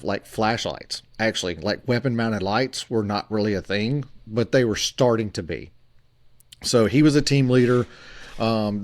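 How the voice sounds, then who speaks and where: A man in his forties, a podcast co-host, telling a story in a halting way with many fillers and restarts. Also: medium pitch, no room sound.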